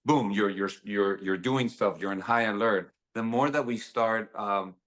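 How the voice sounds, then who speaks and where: A man's voice: fairly low pitch, unhurried, a bit bright. A man who is a guest author on a video call, talking in an earnest, motivational way and dropping casual words like "dude" and "man". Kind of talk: casual podcast interview.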